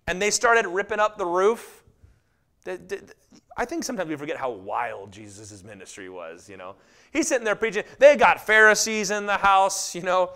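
Man, sermon, high-pitched, very animated pitch, storytelling. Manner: animated storytelling, acts out quotes with lively voices. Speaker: pastor.

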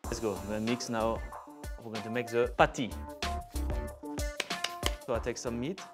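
A man's voice: medium pitch, steady tone, measured pace. A middle-aged man with a French accent, a chef giving a chatty, playful cooking demonstration in a kitchen and dropping in French words. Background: background music and sizzling food.

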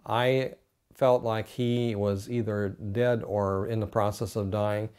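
Older man, low voice, veteran, halting, documentary interview. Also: flat delivery, a little mellow, smooth. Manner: halting, many fillers. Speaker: war veteran.

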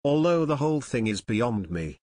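A man's voice: mid-range voice, sing-song, no room sound, studio quality. A man voicing a stern, peppery older aunt who questions her nephews sharply, read for an audiobook. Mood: exasperated. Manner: brisk, sharp cross-examining.

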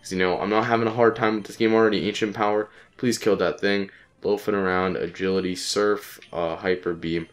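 A man with a sick voice giving casual let's-play commentary, frustrated and swearing, repeating phrases in quick bursts. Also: fairly low pitch, fairly even intonation. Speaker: gaming channel host.

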